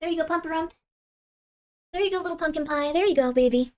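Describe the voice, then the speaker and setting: A woman's voice: very high-pitched, quick pace, a little mellow, slight background noise. A woman streamer chatting casually with her viewers. She coos baby talk at her cat and makes playful, over-the-top mock threats. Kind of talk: casual live-stream chat.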